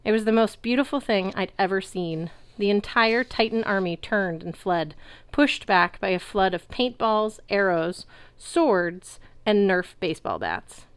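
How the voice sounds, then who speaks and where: A woman reading a novel aloud in a lively way, belting out the characters' shouts. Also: mid-range voice, a little slow, clear, resonant tone, dry recording. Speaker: audiobook reader.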